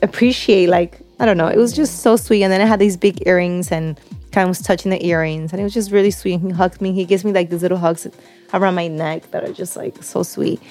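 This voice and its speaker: A woman co-hosts a casual podcast and tells a personal story in a loose, rambling way. She leans on filler words and drops into short Spanish phrases now and then. Soft music sits faintly under her voice. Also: lowish voice, steady tone, fairly quick. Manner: warm storytelling, many "like" fillers, slips into Spanish. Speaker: podcast co-host. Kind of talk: casual chat.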